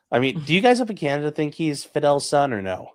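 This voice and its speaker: A man co-hosting a casual political podcast, talking animatedly, swearing and mimicking people with mocking voices. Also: fairly high pitch. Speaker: podcast co-host.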